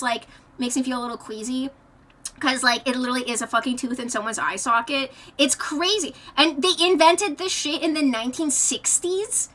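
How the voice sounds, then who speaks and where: A woman's voice: sits high, sharp tone. A woman streamer chatting casually with her viewers, swearing freely and laughing often as she reads their messages.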